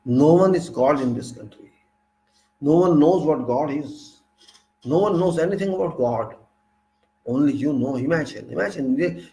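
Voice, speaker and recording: A man's voice: a little high, darkish tone, slight background noise, rough recording. A man with an Indian English accent giving an indignant political monologue, full of rhetorical questions and repeated phrases. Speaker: political commentator.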